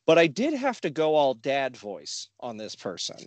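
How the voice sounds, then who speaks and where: A man's voice: medium pitch, normal speed, no echo. A man co-hosting a podcast, telling stories in casual chat and acting out what people said. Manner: animated storyteller who acts out quotes. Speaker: podcast co-host.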